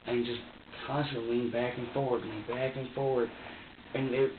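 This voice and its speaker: A man being questioned by police, recounting events in a halting, repetitive way with many fillers and restarts. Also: mid-range voice, level tone, far from the mic, slight background noise. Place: sheriff's interview room. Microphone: distant room recorder. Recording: tinny lo-fi, echoey room, off-mic.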